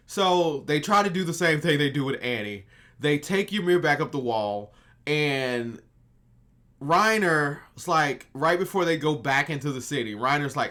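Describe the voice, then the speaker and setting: Bright-voiced man recapping anime casually. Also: a little high, measured pace. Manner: rambling, animated, laughs often. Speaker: anime reviewer.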